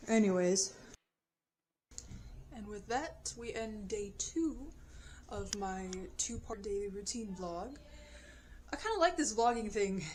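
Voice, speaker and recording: A young woman talking to the camera in a casual vlog, chatty and giggly, halting with ums and restarts. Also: mid-range voice, animated, darkish tone, a little hiss or hum. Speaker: vlogger.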